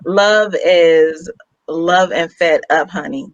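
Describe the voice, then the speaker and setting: A woman's voice: lowish voice, slow, no echo, highs cut off. A young woman co-hosting a talk show, telling a personal story in a blunt, heartfelt and emphatic way, with some swearing. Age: young adult. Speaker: radio show co-host.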